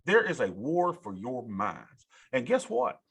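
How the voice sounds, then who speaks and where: Man, college lecture, lively swinging pitch, slightly husky, folksy and direct. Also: measured pace. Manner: animated, talks to students directly, folksy asides. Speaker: college instructor. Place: classroom.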